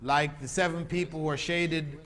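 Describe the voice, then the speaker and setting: A man's voice: a little high, steady tone, moderate pace, fairly bright tone. A man giving a religious lecture to a live audience, often quizzing the listeners with repeated questions. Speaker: Islamic lecturer. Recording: long hall reverb.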